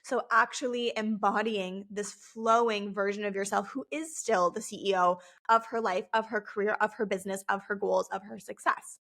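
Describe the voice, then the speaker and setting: A woman's voice: medium pitch, fairly even intonation, normal speed, few pauses, a bit bright. A young adult woman hosting a podcast, talking through a topic in a casual, coaching way with lots of "like" fillers. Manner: conversational, frequent "like" fillers, coaching tone. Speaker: podcast host. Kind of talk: casual teaching monologue.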